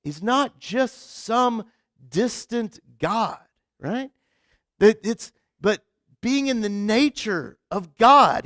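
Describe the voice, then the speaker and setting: A man pastor preaching a conversational sermon, casual and animated, full of filler words and joking with the congregation. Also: high voice, no room sound, clean studio sound. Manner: casual, animated, heavy use of "like" and restarts; jokes with the congregation. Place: church sanctuary.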